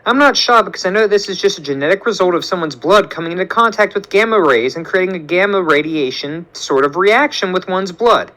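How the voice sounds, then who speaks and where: A man voicing a cocky college-age genius who explains things smugly and fast. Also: sits high, expressive, pushed and bright, voice pushed up, low-quality recording. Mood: lecturing. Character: cocky know-it-all college boy genius.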